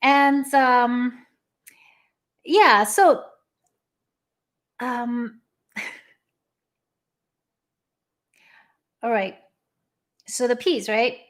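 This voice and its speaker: Woman violinist, slightly high voice, slow casual live-stream patter from home, lots of ums. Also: a bit bright. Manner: unhurried, with frequent ums and uhs. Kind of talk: casual spoken introductions between pieces. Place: her living room.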